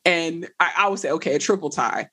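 A woman, a podcast guest chatting in an animated way and often laughing as she tells stories. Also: on the low side, brisk. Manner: animated, laughs while telling stories, Southern slang. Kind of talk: casual conversation.

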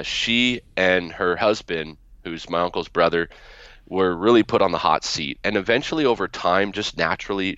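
A man's voice: low-pitched, a bit bright, no room sound. A man being interviewed as a guest author on a podcast, telling family stories with frequent restarts. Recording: dull, lo-fi.

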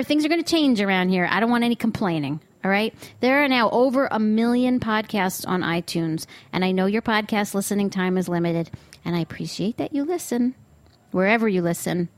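A woman's voice: mid-range voice, no room sound. A woman hosting a food podcast in a studio, talking in an opinionated, sarcastic way with bursts of disbelief. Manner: exasperated, sarcastic, outbursts of disbelief. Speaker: podcast host. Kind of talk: opinionated solo podcast monologue. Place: studio booth. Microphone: studio microphone.

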